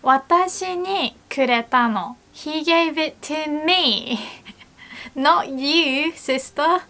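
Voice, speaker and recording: A woman with a somewhat high voice and a noticeable gravelly fry, walking learners through grammar. She is patient and explanatory, and she repeats example sentences slowly. She also illustrates points with playful little scenarios. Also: a bit bright. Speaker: language teacher.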